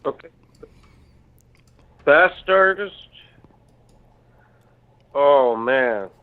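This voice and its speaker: A man's voice: mid-range voice, lively intonation, extremely slow, narrow, tinny audio. A man joining a casual chat, hesitant and joking as he answers. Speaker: guest.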